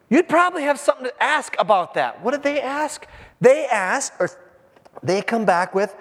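Animated, high-voiced man preaching in a hall. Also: a little fast. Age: 50s. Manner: animated, jokey, talks straight to the congregation. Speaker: pastor. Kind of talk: sermon. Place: church with a congregation.

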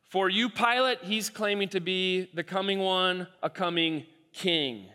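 Preacher, man, high bright voice, animated delivery, big reverberant hall. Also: a little slow, clear, resonant tone. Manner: animated, acts out quoted voices, repeats himself. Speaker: pastor. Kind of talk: sermon.

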